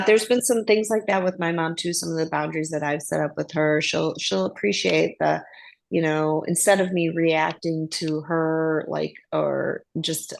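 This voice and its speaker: Gravelly woman telling a story. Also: deep voice, a little hiss or hum. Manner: rambling, full of fillers and asides. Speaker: class participant. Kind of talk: personal story in a group.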